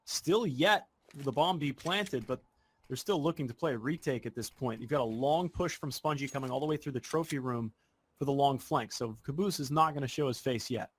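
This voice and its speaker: A man casting an esports match with play-by-play commentary, talking in quick, excitable bursts. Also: mid-range voice, husky. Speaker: esports caster.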